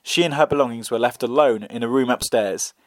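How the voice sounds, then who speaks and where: A man narrating a folk tale in a measured, expressive storytelling reading. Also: medium pitch, dry recording.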